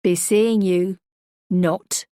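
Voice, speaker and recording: A menacing, drunk-sounding bully, taunting in a low crooning sing-song, as a woman narrator puts him on. He teases rather than shouts, and every word drips with mockery. The reading is close and dry, with no room around it. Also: steady tone, extremely slow, no room sound. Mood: mocking. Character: menacing, drunk-sounding mocking young man.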